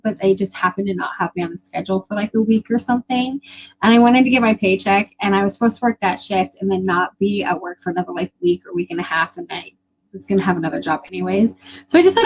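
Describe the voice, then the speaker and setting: A woman's voice: mid-range voice, breathy edge, rough recording. A young woman hosting a casual live stream, chatting with viewers in a gushing, emotional way with lots of fillers.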